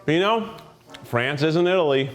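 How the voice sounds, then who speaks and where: Speaking at a normal speed in a slightly high voice, a host from Tennessee, USA runs an office food tasting. He cracks jokes and reacts playfully to what he eats.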